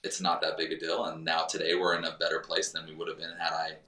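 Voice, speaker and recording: A man's voice: very deep voice, monotone, quick pace, pushed and bright, distant mic. A man speaking as a podcast guest in a candid, rambling and reflective way, with many fillers. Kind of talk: candid conversational chat. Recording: roomy sound from off the mic.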